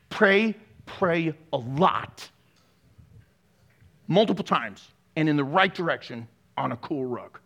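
A man's voice: high-pitched, sharp tone. A man preaching a sermon as pastor at a church service, joking through it with sarcastic, playful asides.

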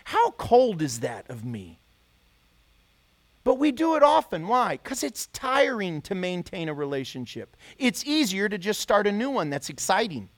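A man's voice: high voice, big pitch swings, measured pace. A man preaching a sermon as pastor, pressing his listeners with repeated rhetorical questions.

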